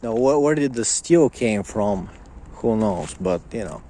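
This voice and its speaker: A man's voice: on the low side, lively intonation, unhurried, mellow. A young man in a casual vlog, ranting angrily with lots of swearing and repetition. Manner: angry, profane, repetitive ranting. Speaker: vlogger.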